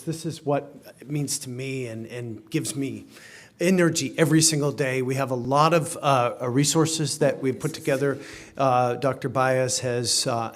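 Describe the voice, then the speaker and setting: Man, district administrator at a public meeting, earnest and uneven, mid pitch. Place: board meeting room.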